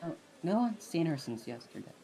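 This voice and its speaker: A timid, withdrawn young woman, voiced by a woman from a visual novel, speaking quietly and hesitantly with long pauses. Her voice is low and dark, with a faint hiss of noise underneath. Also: sing-song, creaky, heavily acted, low-quality recording. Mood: uneasy.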